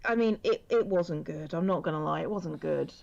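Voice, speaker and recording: Woman, casual stream chat, halting dry complaints, lo-fi mic. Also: fairly low pitch, creaky, darkish tone, a little hiss or hum. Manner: rambling, frequent restarts, dry complaints. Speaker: streamer guest. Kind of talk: casual chat while drawing.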